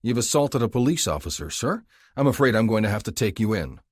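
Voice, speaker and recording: A man playing a hard, bitter police officer who speaks with quiet, venomous contempt. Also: fairly low pitch, sing-song, fairly quick, husky, dry recording, clean studio sound, pitched above the performer's own voice. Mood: contemptuous. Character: hard, bitter former-soldier cop, male.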